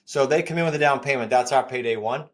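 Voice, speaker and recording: A man in his fifties with a New England accent talks at a middling pitch as a podcast guest. He pitches his ideas with energy, hammering home key figures and repeating himself for emphasis. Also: fast. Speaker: guest, real estate coach. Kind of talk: podcast interview.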